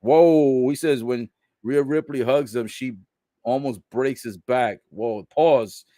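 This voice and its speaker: A man giving a casual live recap of a wrestling show, relaying what is said in the ring and reacting with laughs and loud exclamations. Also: mid-range voice, slow pace, no echo, studio quality. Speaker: live wrestling watch-along commentator.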